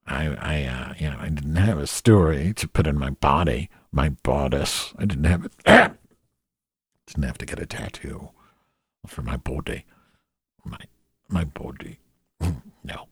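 A man's voice: extremely low pitch, a little slow, long pauses, husky, no room sound, clean studio sound. A man telling a comic story as a rant, profane and exasperated. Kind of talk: comedic rant monologue.

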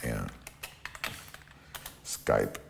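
A man hosting a live stream, thanking donors and rambling in a profane, deadpan way. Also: extremely slow, a little hiss or hum. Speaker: livestream host.

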